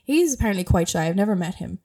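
A woman's voice: mid-range voice, expressive, fast, mellow. A young Irish woman hosting a podcast, chatting casually and rambling with lots of fillers. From Ireland. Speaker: podcast host. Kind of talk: casual chat.

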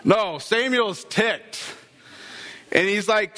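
A male pastor preaching a sermon, telling the story with lively, acted-out dialogue. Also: high-pitched, a little slow, big-room sound.

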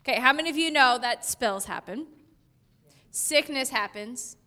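A woman's voice: sits high, animated, moderate pace, bright, forceful tone. A woman in her thirties giving a conversational sermon in a chatty way, laughing often and using many fillers. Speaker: pastor.

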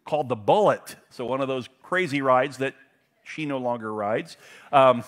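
A middle-aged man preaching a sermon, telling stories in a conversational way and swinging from loud emphasis to hushed, intense passages. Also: mid-range voice, normal speed. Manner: conversational storytelling with fillers. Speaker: pastor.

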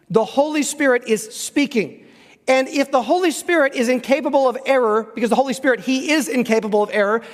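A man with a very high voice preaches from the pulpit, emphatic and conversational. He drops into a slow, careful pace when he reads scripture. His words ring out with a long reverb in a church sanctuary. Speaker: pastor. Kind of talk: sermon. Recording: reverberant hall.

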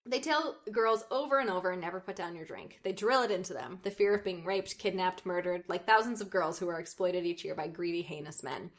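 A woman's voice: fairly low pitch, a little fast, hardly any pauses. A woman reading a story aloud, stopping now and then to laugh at it and mock its writing. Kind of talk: reading aloud with casual commentary.

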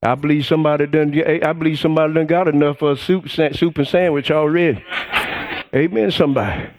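A middle-aged man preaching a sermon as pastor. He shouts exclamations, calls for response from the congregation, and stretches out key phrases for emphasis. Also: fairly high pitch, lively intonation, a little fast, a little hiss or hum.

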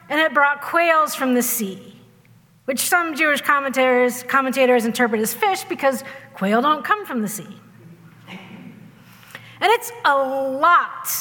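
Woman pastor preaching, high bright voice, chatty and wry, long church reverb. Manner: conversational, wry storytelling with lively voiced quotes. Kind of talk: sermon. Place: church sanctuary.

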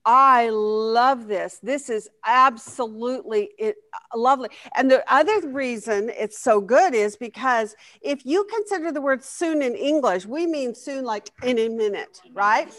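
A woman with a high, light voice leads a Bible study group. She teaches in an eager, questioning way, drawing answers from her class and responding with excitement. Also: normal speed. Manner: enthusiastic, asks the class questions. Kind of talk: interactive Bible lesson.

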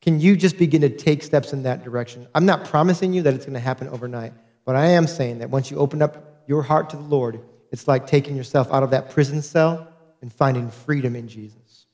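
A man's voice: medium pitch, fairly quick, darkish tone. Earnest male pastor preaching. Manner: earnest, direct, repeats key points to the congregation. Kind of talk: sermon.

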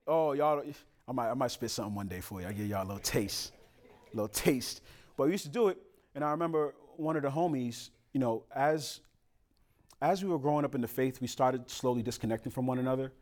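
A man preaching a sermon as pastor, conversational with street slang and sudden loud emphatic rises. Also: medium pitch, brisk.

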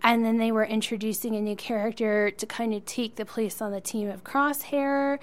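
A woman's voice: a little high, steady tone, normal speed. A woman co-hosting a podcast, chatting enthusiastically as a fan and laughing often. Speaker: podcast co-host. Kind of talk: casual chat.

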